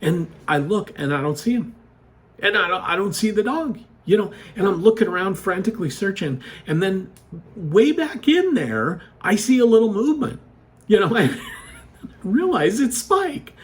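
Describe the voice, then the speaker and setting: A man telling a personal story in a casual, chatty way, animated and full of asides to the listener. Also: high voice. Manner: chatty, animated retelling with frequent "you know" asides.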